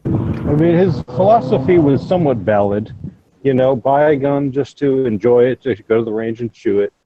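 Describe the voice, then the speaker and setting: Measured man explaining over voice chat. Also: mid-range voice, animated, lo-fi sound, background noise. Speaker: gaming lobby player. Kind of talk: casual gaming voice chat.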